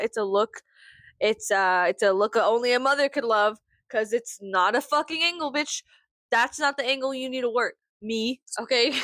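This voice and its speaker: A woman's voice: fairly high pitch, no room sound, studio quality. A woman in her thirties venting to camera in a casual vlog, sarcastic and full of profanity. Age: 30s. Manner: profane, sarcastic, animated ranting. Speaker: vlogger.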